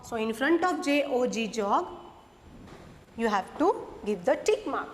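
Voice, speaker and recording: A woman with an Indian English accent teaching phonics to young children, spelling out letters slowly and repeating each word. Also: on the high side, sing-song, in a large hall, a little hiss or hum. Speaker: kindergarten teacher.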